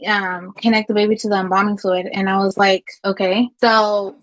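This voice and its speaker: A woman's voice: mid-range voice, steady tone, normal speed, hardly any pauses, rough recording. A middle-aged woman, a funeral director, telling stories in casual podcast talk, acting out quotes and swearing freely.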